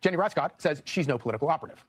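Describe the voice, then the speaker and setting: A man reporting the news in a brisk, matter-of-fact way. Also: a little high, expressive.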